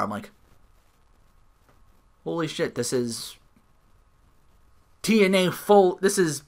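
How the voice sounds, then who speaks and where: A podcast host giving a solo recap with profane, ranting commentary, quick asides and laughs at their own jokes. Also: medium pitch, lively intonation.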